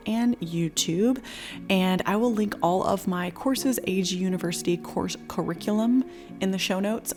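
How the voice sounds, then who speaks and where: A young woman hosting a casual spiritual podcast, chatty and rambling, talking fast with an upbeat, affectionate tone toward her listeners. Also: fairly low pitch. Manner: fast-talking, slowing down at times. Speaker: podcast host.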